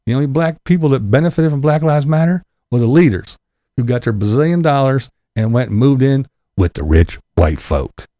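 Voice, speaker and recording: A man's voice: medium pitch, lively intonation, normal speed, warm tone, dry recording. A man giving an angry, profane political rant as a vlogger, sarcastic and full of mocking mimicry.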